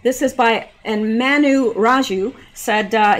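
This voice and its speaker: A woman's voice: a little high, slow pace. A woman giving casual, opinionated commentary while reading news posts aloud, chatty, with asides and laughs. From Canada. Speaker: political commentary vlogger.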